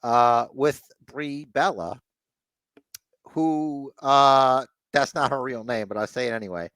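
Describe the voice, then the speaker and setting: A man's voice: medium pitch, slow pace, a bit bright, smooth, dry recording. A man hosting a casual podcast chat, rambling, blunt and sometimes profane. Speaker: podcast host.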